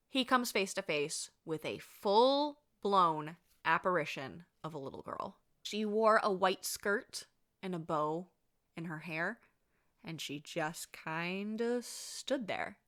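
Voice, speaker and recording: A woman vlogger telling a ghost story in a chatty, animated, casual way, laughing and swearing freely. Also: fairly low pitch.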